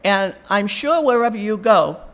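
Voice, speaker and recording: A woman of middle pitch is giving farewell remarks at a town board meeting. She is teasing and laughs often as she speaks. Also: animated, normal speed. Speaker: board member.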